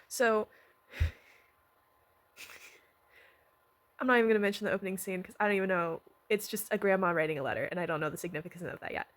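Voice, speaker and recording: Rambling, excitable woman vlogger. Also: mid-range voice, moderate pace, pauses often. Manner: rambling, excitable, swears and laughs. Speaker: vlogger recapping a miniseries. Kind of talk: casual rambling recap.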